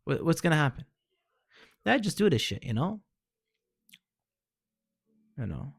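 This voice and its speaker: A man's voice: fairly high pitch, sing-song, measured pace, vocal fry, slightly rough, no echo, clean studio sound. A man talking casually and earnestly, giving heartfelt advice in informal slang and often calling the listener man or bro. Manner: earnest, encouraging. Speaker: vlogger sharing personal experience.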